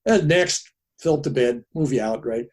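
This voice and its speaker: A man in his seventies, a podcast guest, telling a personal story in an animated way and acting out the people in it. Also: mid-range voice, moderate pace, slight background noise. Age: 70s.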